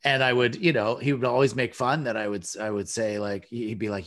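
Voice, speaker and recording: Animated middle-aged man telling stories. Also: medium pitch, fairly quick, hardly any pauses. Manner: animated storyteller, bursts into loud impressions of his dad. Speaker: guest, comedian and author. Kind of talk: casual podcast chat.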